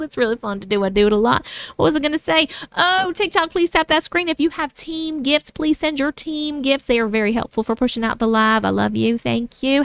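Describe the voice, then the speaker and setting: A woman with a Long Island New York accent hosts a casual livestream. Her voice sits high and sounds smooth and crisp. The recording is close and dry, and she chats in a bubbly way, thanking viewers one by one. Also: a little fast, a bit bright, dry recording. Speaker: livestream host and story reader.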